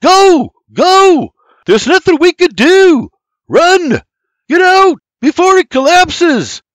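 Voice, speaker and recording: Man doing a frantic young man yelling over a fire, high and loud. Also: expressive, extremely slow, dry recording, exaggerated voice. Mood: frantic shouting. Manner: frantic shouting. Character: young man screaming to wake family in fire.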